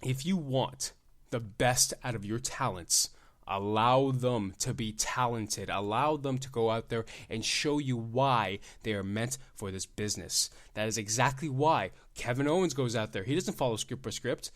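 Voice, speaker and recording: A man's voice: medium pitch, moderate pace. A young man hosting a solo wrestling podcast, ranting emphatically and repeating himself for effect. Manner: animated, ranting, emphatic repetition. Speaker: podcast host.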